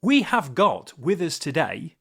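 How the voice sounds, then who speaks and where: A man's voice: fairly high pitch, huge pitch swings, measured pace, vocal fry, slightly rough. A man co-hosting a podcast, bantering in a jokey, self-deprecating way. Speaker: podcast co-host. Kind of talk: casual podcast chat.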